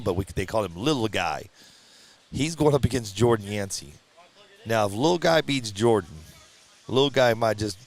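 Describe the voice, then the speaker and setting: Guy calling rc drag races live, laid back and chatty, yells when somebody pulls an upset. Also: lowish voice. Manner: chatty and easygoing, bursts into excited shouts at upsets. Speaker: race announcer and livestream host. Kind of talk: casual live race commentary. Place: at a drag racing event.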